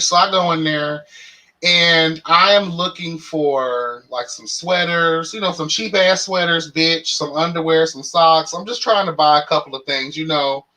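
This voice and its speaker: A sassy man with a high, bright voice tells a story as a casual rant, swearing freely and playing every moment up for drama. He sounds exasperated throughout. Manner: profane, sassy, animated storytelling. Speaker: channel host.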